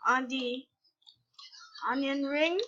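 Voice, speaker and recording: A woman's voice: sits high, slow, sharp tone, muffled recording. A woman giving casual gameplay commentary, often frustrated, exclaiming and complaining as she plays. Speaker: gamer.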